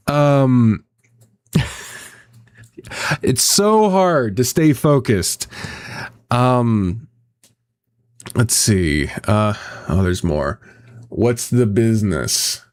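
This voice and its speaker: Male streamer, casual live chat, swears a lot, lively pitch swings, mid-pitched. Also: drawn-out words, long pauses. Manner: rambling, swears often, reads chat aloud. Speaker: streamer and visual novel voice actor.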